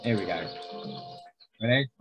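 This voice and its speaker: A man co-hosting a podcast, enthusiastic and jokey, often pausing to find words. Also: on the low side, lively intonation, a bit bright, slightly rough, faint music behind. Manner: enthusiastic, jokey, hesitant with fillers. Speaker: podcast co-host. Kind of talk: casual podcast chat.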